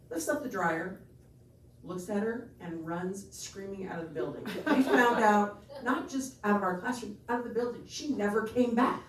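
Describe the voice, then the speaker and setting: A woman doing a stand-up comedy set, telling an animated story and acting out the other people's lines. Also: on the high side. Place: comedy venue stage. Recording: echoey room from far off, noisy.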